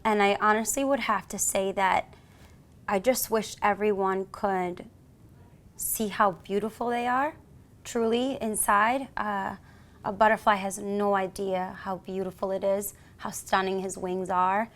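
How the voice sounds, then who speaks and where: A woman's voice: medium pitch, a little slow. A woman from the United States with a New York accent, a police officer telling a story as an interview guest and acting out the voices in it. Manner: acts out voices in her stories, lively and theatrical. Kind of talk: animated storytelling.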